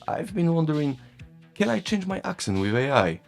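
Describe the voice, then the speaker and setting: A tech vlogger from Poland, a native Polish speaker with a Polish accent, chats casually about tech in a high, sing-song, creaky voice at a moderate pace. He often chuckles and pokes fun at himself, with faint music in the background.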